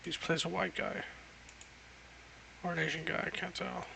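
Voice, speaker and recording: A man's voice: on the high side, flat delivery, normal speed, vocal fry, bright, forceful tone, a little hiss or hum. A young man chatting casually on a livestream, rambling and swearing constantly.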